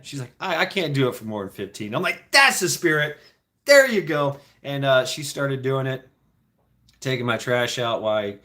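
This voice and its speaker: A man's voice: mid-range voice, sharp tone. A middle-aged man telling rambling, profane stories in a casual chat, with frequent restarts. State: foot injured, limping.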